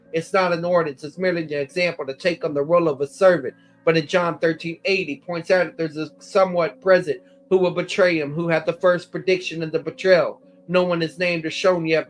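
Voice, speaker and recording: Man teaching scripture verse by verse. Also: a little high. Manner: methodical, cites verse numbers, quotes passages aloud. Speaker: Bible teacher. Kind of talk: lecture on scripture.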